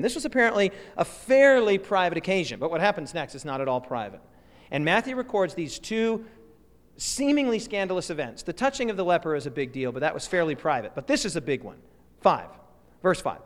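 A male pastor preaches in a high, very lively voice. He keeps asking the congregation questions. His voice echoes with a long reverb through a church hall. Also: brisk. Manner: animated, asks the congregation questions. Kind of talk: sermon.

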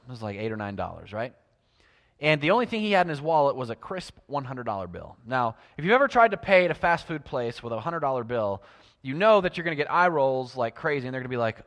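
Guy preaching a sermon, storytelling, gets loud then drops real quiet, long hall reverb. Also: medium pitch. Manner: storytelling, swings from loud emphasis to hushed.

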